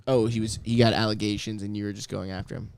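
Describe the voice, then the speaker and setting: A man's voice: lowish voice, little pitch movement, fast talker, vocal fry, darkish tone, smooth. A man hosting a podcast, teasing and crude in casual chat. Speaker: podcast host.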